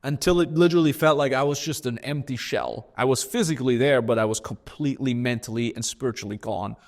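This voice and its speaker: A man's voice: medium pitch, fast talker. A man from Austria, a podcast guest telling stories candidly in conversation, blunt and profane with frequent repetitions.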